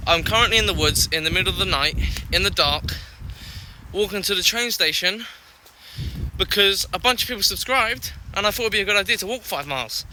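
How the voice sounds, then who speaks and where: A man's voice: high voice, lively intonation, a little fast, sharp tone, a little hiss or hum. Give me a jittery young man vlogging at night outdoors. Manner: jokey, self-mocking, nervous chatter. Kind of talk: walking vlog talking to camera. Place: outdoors at night in woods and fields, walking. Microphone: handheld phone camera. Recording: background music over outdoor phone audio.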